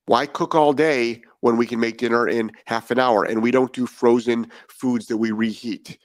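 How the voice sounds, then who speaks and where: A man's voice: mid-range voice, fairly even intonation, moderate pace, no echo. A man talking as a dog trainer in a podcast monologue, blunt and profane and firing off rhetorical questions.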